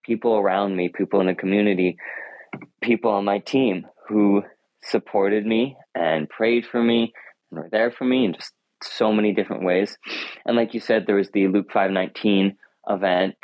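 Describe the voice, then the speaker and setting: Earnest teenage guy, low dull voice. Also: fairly even intonation, moderate pace, dry recording. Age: teens. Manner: thoughtful, earnest, with frequent restarts. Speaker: high school runner and guest. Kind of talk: earnest interview answers.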